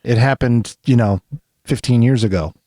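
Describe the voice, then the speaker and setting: A man's voice: medium pitch, normal speed, mellow, no echo, studio quality. A man co-hosting a podcast, chatting casually and teasing the others. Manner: teasing, joking. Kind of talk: casual chat.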